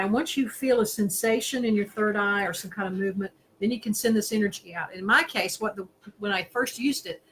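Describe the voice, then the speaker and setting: A woman's voice: medium pitch, a bit bright, rough recording. Woman host, curious and enthusiastic, chatting over a video call with faint background noise. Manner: curious, enthusiastic, reads out listener messages. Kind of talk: casual interview chat.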